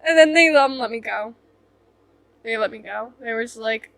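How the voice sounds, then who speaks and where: Bright high-voiced young woman vlogger. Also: moderate pace, gravelly, long pauses, no room sound. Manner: rambling, full of "like" fillers, self-mocking. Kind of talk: casual storytime chat.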